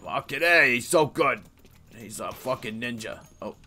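A man giving casual, profane, excitable commentary while playing a video game. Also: medium pitch, normal speed, slight background noise. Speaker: let's play host.

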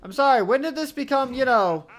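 A man giving live gameplay commentary on his match, ranting with a steady stream of profanity and exasperation. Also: very high voice, fairly quick.

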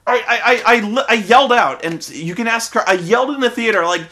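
A man rants in an exasperated, profane film review. His voice is high and bright, and his pitch swings widely. He stumbles into restarts as he gets worked up. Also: expressive, moderate pace, few pauses. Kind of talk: casual ranting review.

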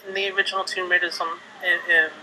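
A man's voice: high voice, flat delivery, fast, pushed and bright, a little hiss or hum, poor audio. A man hosting a gaming channel, chatting casually over gameplay, hesitant with many fillers and restarts.

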